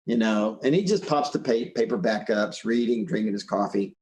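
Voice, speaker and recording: A man gives a recorded motivational talk as an animated storyteller. His pitch rises and falls a lot, and he keeps checking in with "right?". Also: measured pace. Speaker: speaker and author.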